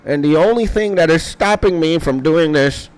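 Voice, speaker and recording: Guy putting on a cheesy world-ending baddie, higher voice, over the top, quiet music behind. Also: normal speed, close to an everyday voice, low-quality recording. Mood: gloating. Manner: hammy, theatrical ranting. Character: melodramatic male villain threatening the world.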